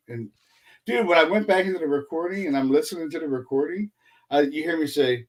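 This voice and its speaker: A man in casual podcast chat, a paranormal investigator telling profane, animated stories and acting out quotes. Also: fairly high pitch, fast.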